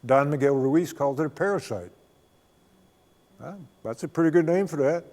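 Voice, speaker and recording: An older man giving a spiritual talk as a guest speaker, a folksy, unhurried storyteller who often chuckles. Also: a little high, lively intonation, a little mellow. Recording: long reverb of a hall.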